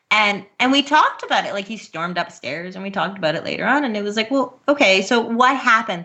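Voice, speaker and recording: A woman's voice: fairly low pitch, bright, forceful tone. A woman guest on a podcast, talking about parenting in a chatty, earnest way and laughing often. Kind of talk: casual interview talk.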